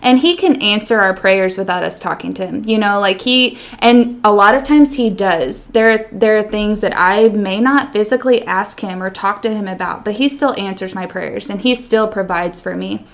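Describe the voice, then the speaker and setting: A woman's voice: medium pitch, moderate pace, few pauses. Earnest woman leading a faith chat. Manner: earnest, leads the discussion. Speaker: podcast co-host. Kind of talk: faith-based casual chat.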